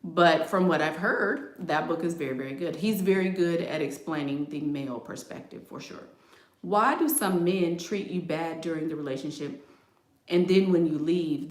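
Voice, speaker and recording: Sassy low-voiced woman in echoey room. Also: moderate pace. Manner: sassy, direct, laughing asides. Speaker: relationship advice livestream host. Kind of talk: casual chat reading viewer comments.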